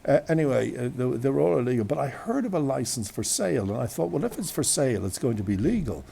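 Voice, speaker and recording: Irish male radio host with a mellow, gravelly voice; chatty, meandering anecdotes outdoors. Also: medium pitch, very animated, fast talker. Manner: chatty, digressive, many restarts and asides. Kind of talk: rambling anecdotal storytelling. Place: outdoors on a windy day. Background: wind.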